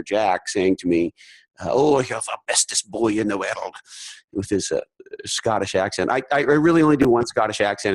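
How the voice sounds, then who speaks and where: Casting note: low, dry-sounding male podcast host, rambling and profane. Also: dry recording, poor audio. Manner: rambling, halting, swears casually. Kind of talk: casual storytelling chat.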